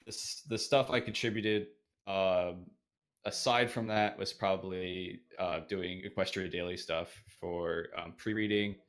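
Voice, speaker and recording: Deep-voiced, halting man guest. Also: a bit bright. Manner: halting, full of fillers, self-deprecating. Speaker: podcast guest. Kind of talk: casual interview answers.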